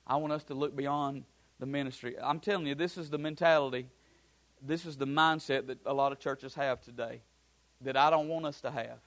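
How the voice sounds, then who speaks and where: A man's voice: medium pitch, fairly even intonation, fairly quick, a bit bright. A man preaching a sermon as pastor, building his points through repeated phrases and breaking into casual asides.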